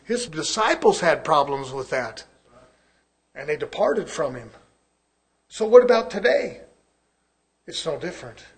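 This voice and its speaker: High-voiced preacher, loud then hushed. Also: male voice, sing-song. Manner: swings from loud scripture reading to quiet asides, with chuckles; reads scripture in slow, drawn-out emphasis. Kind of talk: sermon with scripture reading.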